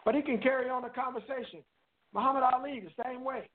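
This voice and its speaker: A man calls in to a radio talk show and makes his point in an earnest, preachy way, returning again and again to the same catchphrase. His voice is very high for a man. It comes through a tinny phone line. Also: steady tone, quick pace. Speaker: caller and guest. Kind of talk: casual call-in radio talk.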